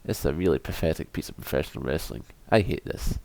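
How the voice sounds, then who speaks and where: Deep-voiced sardonic male podcaster. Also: lively intonation, fast, vocal fry, a little mellow, dry recording. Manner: sardonic, profane, laughs often. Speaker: podcast co-host. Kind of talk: casual podcast chat.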